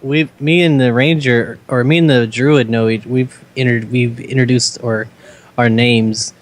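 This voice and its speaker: A man's voice: medium pitch, fairly even intonation, unhurried. A man playing a tabletop game, declaring his character's actions amid frequent laughter. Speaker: player. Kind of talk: tabletop play.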